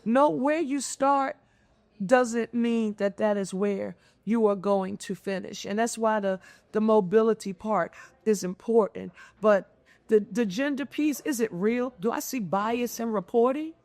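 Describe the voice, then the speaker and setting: A middle-aged woman from Philadelphia talks as a mayor on a panel, her voice pitched a little high and recorded dry and close. She speaks in an expressive, storytelling way with lively intonation. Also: measured pace, dry recording. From Philadelphia, United States. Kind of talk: conversational panel discussion.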